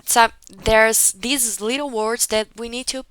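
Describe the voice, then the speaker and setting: A woman's voice: fairly high pitch, fairly even intonation, measured pace, a bit bright, poor audio. A woman teaching an English conversation class over a video call, patiently correcting a student and often checking in with "okay?". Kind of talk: one-on-one online class feedback.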